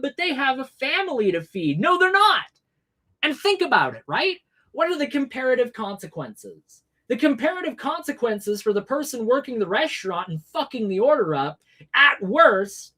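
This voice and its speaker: A woman livestreamer rants about current events with plenty of profanity. Her voice sits on the high side, and her delivery is emphatic and heated. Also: a bit bright. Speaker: livestream host. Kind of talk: ranting political commentary.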